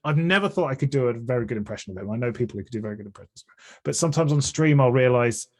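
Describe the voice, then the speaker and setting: A man's voice: medium pitch, animated, racing, a little mellow. A man with an English accent, a comedian and streamer talking as a guest on a podcast, earnest and chatty, often restarting his sentences. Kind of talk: casual conversational interview.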